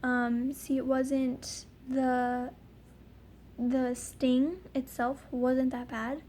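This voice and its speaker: A woman's voice: high-pitched, flat delivery, drawn-out words, a little mellow, slight background noise. A young woman telling a personal story in a casual vlog, rambling with lots of ums and likes. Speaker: vlogger.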